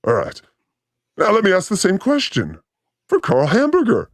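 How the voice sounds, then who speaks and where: A man hosting a podcast, teasing his guest with crude, animated jokes in casual chat. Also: high-pitched, normal speed, dry recording, clean studio sound. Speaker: podcast host. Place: studio.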